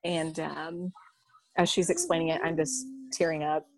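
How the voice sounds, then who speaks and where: Young woman, gravelly low voice, dry sound, halting candid storyteller. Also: flat delivery, no room sound. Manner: halting, full of ums and you-knows. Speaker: vlogger sharing a personal story.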